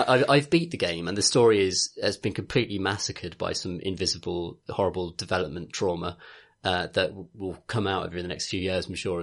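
A man's voice: fairly low pitch, fairly bright tone, husky. A young man co-hosting a casual podcast chat, rambling with lots of fillers and laughter. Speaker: podcast co-host.

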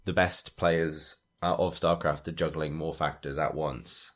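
A man with a very low voice co-hosting a casual games podcast. He rambles, restarts his sentences and keeps circling back to his point in easy conversation. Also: steady tone, measured pace, a bit bright. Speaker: podcast co-host. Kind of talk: casual chat.

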